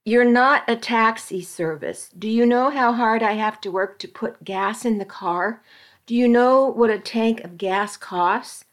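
A woman's voice: a little high, measured pace, lightly acted. A woman voicing an angry, controlling husband in a read-aloud story, in a harsh scolding tone.

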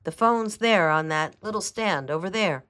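A woman reading a courteous, curious gentleman. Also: lowish voice, expressive, normal speed, pitched above the performer's own voice. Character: curious, polite man in a smoking jacket.

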